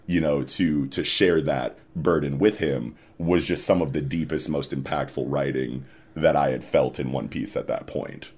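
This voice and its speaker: A young man chatting on a podcast about manga, enthusiastic and full of "like" fillers, dropping low and quiet on serious points. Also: fairly even intonation, moderate pace, hardly any pauses. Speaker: podcast co-host.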